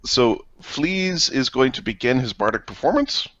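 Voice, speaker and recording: A man's voice: mid-range voice, animated, measured pace, a bit bright, dry recording, dull audio. A man playing in a tabletop game, joking around and laughing often. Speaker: player. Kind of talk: casual tabletop play.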